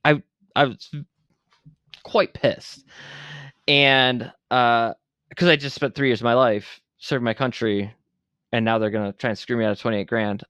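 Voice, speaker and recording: A man's voice: medium pitch, no room sound. A man in his forties from Buffalo, New York, a veteran entrepreneur telling his story bluntly and with some profanity as a podcast guest. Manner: blunt and profane, animated retelling. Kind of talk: candid interview storytelling.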